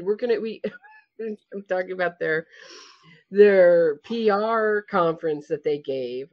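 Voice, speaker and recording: A woman with a New York accent, a podcast guest explaining things in a chatty way with frequent restarts. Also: medium pitch. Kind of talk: casual podcast interview. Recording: slightly dull, lo-fi audio.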